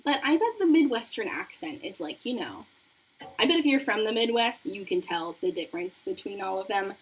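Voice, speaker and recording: A woman's voice: mid-range voice, fairly quick, breathy edge, rough recording. A young woman from the Northeastern US, chatting casually with viewers on a livestream. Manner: chatty, animated, talking to viewers. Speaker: beauty livestream host.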